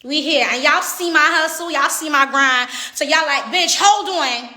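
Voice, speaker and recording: A sassy Jamaican woman chats on a livestream, talking to viewers like old friends. Her voice sits fairly high and rings bright. The phone audio picks up a lot of room echo. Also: normal speed. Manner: sassy, chatty, calls viewers honey and baby. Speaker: makeup artist and livestream host. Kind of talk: casual livestream chat. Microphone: phone on a makeshift tripod.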